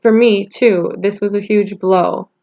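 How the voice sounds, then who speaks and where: A woman talking haltingly in a personal vlog, holding back tears, with many pauses and restarts. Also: medium pitch, steady tone, mellow, highs cut off. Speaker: vlogger.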